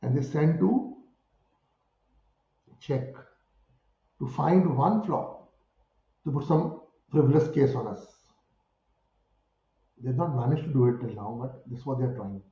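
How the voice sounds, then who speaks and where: A man with an Indian English accent answering an interview in an impassioned way, driving his points home with rhetorical questions and forceful peaks. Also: mid-range voice, unhurried, pauses often, reverberant, highs cut off. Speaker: spiritual guru interviewed about cow protection.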